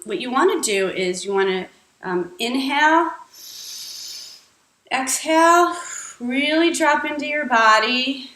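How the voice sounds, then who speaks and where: A woman's voice: fairly high pitch, fairly bright tone. A woman hosting an advice vlog, answering viewer questions in a playful, blunt, irreverent way. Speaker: host. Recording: echoey room with faint music.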